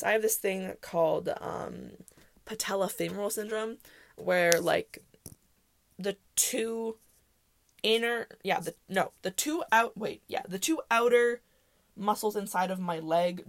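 A woman's voice: medium pitch, vocal fry, fairly bright tone, no room sound. A woman hosting a casual solo podcast, telling stories in a rambling way, often correcting herself and laughing. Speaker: podcast host.

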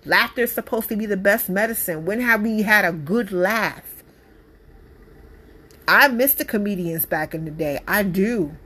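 A woman's voice: mid-range voice, a little slow, bright, forceful tone, husky. A woman, a mother, giving her opinion in a casual monologue, emphatic and blunt, repeating her points with passion. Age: adult parent.

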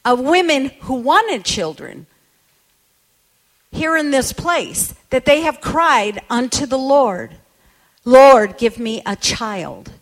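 A woman's voice: high voice, fairly bright tone. A woman preacher telling a story in a sermon, emphatic and quoting people as she goes.

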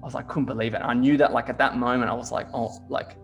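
This young man, from Australia, is a fast talker with a medium-pitched voice in an easygoing chat. Faint music sits behind him while he tells lively stories, uses "like" constantly, and swears freely.

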